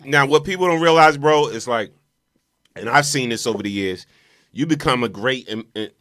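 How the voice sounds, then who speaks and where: A man's voice: medium pitch, moderate pace, sharp tone. A male show host in casual interview chat, hyped, slangy and repetitive.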